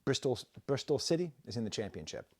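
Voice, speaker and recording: A middle-aged man hosts a casual music review video, rambling through his points with self-deprecating jokes. His voice is warm and mellow, sitting at an ordinary pitch. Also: very animated, fast talker. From United States.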